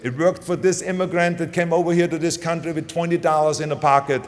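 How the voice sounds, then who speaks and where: A slightly high-pitched man talks quickly and in a steady tone, his strong German accent reflecting German as his first language. The clip is a motivational speech and interview, delivered with emphasis and now and then a restarted word.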